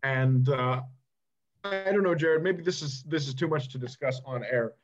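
A man co-hosting a podcast in deadpan comedic chat, rambling earnestly as he plays along with the joke. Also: medium pitch, normal speed, muffled recording. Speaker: podcast co-host.

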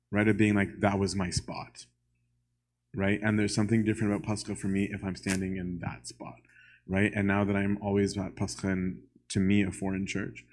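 A man with a lowish voice gives a church lecture in a conversational style. He keeps checking in with "right?" and asks the audience questions directly.

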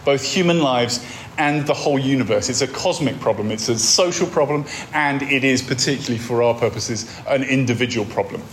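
A man delivers a talk on a faith course in a wry, conversational storytelling manner. His voice sits at an ordinary middle pitch, and he draws listeners in with imagined scenes and dry asides. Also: a little fast, a little hiss or hum. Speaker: course speaker.

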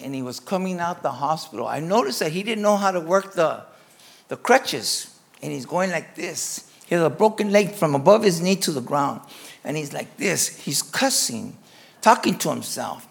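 A man who is a pastor, telling a story in a sermon in an animated way, acting out the scenes as he goes. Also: fairly high pitch, moderate pace, vocal fry.

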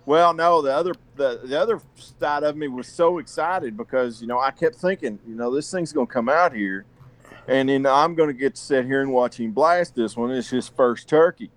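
A man's voice: mid-range voice, normal speed, no echo. A man, a podcast guest rambling through casual, profane stories between laughs. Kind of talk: casual chat.

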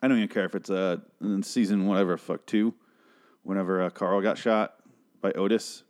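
A man casually recapping a TV episode, swearing freely and acting out characters' lines in quick put-on voices. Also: deep voice, fairly even intonation, a little mellow.

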